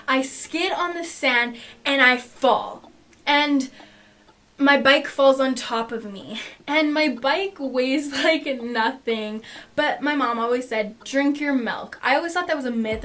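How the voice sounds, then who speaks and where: High-voiced woman telling a story. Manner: animated, swears freely, laughs mid-sentence. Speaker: vlogger. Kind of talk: casual storytime vlog.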